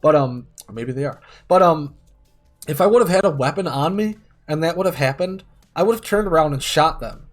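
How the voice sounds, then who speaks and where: Male streamer, slightly high voice, rambling and profane, casual gaming chat. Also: expressive, brisk, soft background music. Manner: rambling, heavily profane, many fillers. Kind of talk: casual storytelling while gaming.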